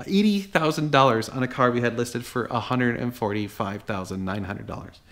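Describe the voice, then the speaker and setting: A man's voice: medium pitch, moderate pace, few pauses. A man who runs a car dealership, reading out buyer messages and reacting to them in a sarcastic, exasperated, blunt way. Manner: blunt and dismissive.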